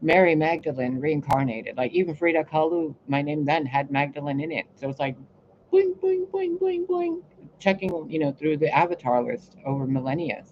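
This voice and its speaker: A woman's voice: sits low, steady tone, fairly quick, hardly any pauses. Woman host, exasperated, profane rambling monologue; muffled lo-fi recording with a faint hiss. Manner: profane, exasperated, swings between loud outbursts and quiet asides. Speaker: spiritual reader and channel host.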